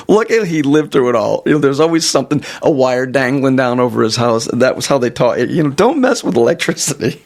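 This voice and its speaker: Animated man hosting a chatty podcast. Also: medium pitch, brisk. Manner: animated storyteller, acts out quotes, laughs a lot. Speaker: podcast host. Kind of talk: casual podcast conversation.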